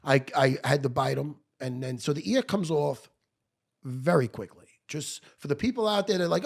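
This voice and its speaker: Middle-aged New man, gravelly and a touch high, swearing freely as he tells an animated story. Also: a little fast. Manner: profane, animated, blunt. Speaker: podcast guest. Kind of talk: storytelling in conversation. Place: podcast studio.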